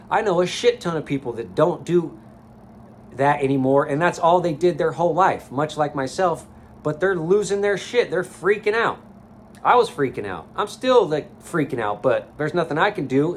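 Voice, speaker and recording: A man's voice: fairly high pitch, a little hiss or hum. A man giving a blunt, profane motivational rant to camera as a life coach vlogger, recorded in a sauna.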